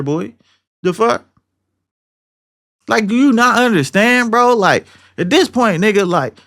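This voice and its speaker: A man's voice: high voice, fairly bright tone. A young man co-hosting a podcast, ranting in a heated, profane, slangy and rambling way. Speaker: podcast co-host. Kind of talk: casual podcast rant.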